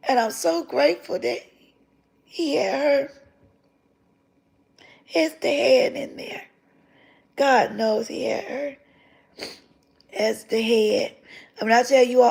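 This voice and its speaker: A woman's voice: a little high, takes it slowly, gravelly, pauses often, darkish tone, husky, low-quality recording. A woman on a livestream giving an emotional spoken testimony, fervent and repeating phrases for emphasis. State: tearful at times. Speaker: livestream host sharing her testimony.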